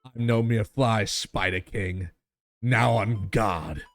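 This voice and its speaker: Guy doing a hammy knight dad, big heroic declaiming, lowish voice. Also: takes it slowly, a bit bright, faint music behind. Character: dad player character acting as a brave knight.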